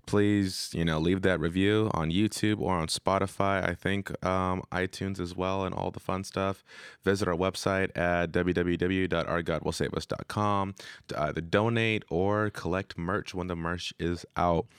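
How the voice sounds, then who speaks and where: Young guy hosting a podcast, super deep smooth voice, chill rambly slang talk. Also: no room sound, clean studio sound. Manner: laid-back, rambling, slangy, trails off quietly. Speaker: podcast host. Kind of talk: casual podcast chat.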